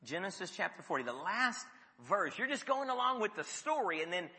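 A man preaching a sermon, telling the story lively and dropping his voice low for emphasis. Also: a little fast, in a large hall. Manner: storytelling with sudden drops to a near whisper.

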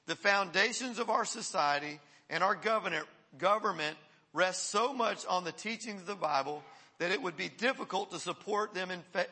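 A man preaching a sermon as pastor, reading historical quotations slowly and often restarting his sentences. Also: high voice, sharp tone, slightly rough.

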